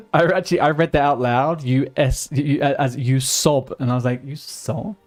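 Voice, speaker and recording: A man's voice: mid-range voice, fairly even intonation, moderate pace, faint music behind. A man streaming a video game live, chatting casually with teammates and viewers, joking and grumbling at the game. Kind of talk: casual live-stream chat while gaming.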